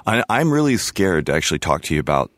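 A man speaking as a podcast guest in casual interview chat, with dry, teasing deadpan humor, on a studio mic with headphones. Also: low voice, quick pace, dry recording. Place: his own home setup in a remote recording.

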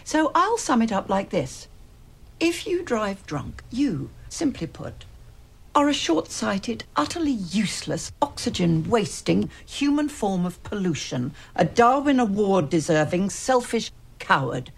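A woman playing a blunt, posh older British lady in an ad, speaking with a British accent and a gravelly, husky voice in a scripted ad read. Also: mid-range voice, big pitch swings, unhurried, heavily acted. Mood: scornful. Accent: British English.

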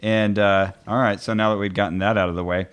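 A man's voice: on the low side, little pitch movement, fast, clean tone. A man co-hosting a podcast, telling a story in an amused, thoughtful way. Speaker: podcast co-host. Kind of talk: casual chat.

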